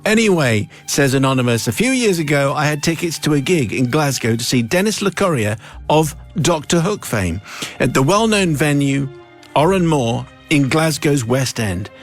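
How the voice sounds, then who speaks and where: A male radio host reads a listener's letter aloud with playful, theatrical amusement. His voice sits on the high side. Faint music plays under the studio mic. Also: expressive, moderate pace.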